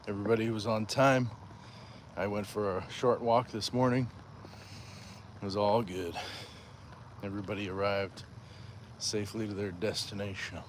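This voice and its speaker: A man with a medium-pitched voice hosts a livestream while out on a walk, reading viewer comments aloud in a playful, chatty way. There's a slight hiss or hum on the recording.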